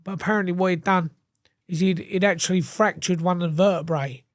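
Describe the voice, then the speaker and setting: A man's voice: high-pitched, steady tone, a little fast, dry recording. A man tells his story as an interview guest, in a casual, blunt and sweary way. He often slips into the voices of the people he quotes. The sound is dry and close, with little room around it. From England.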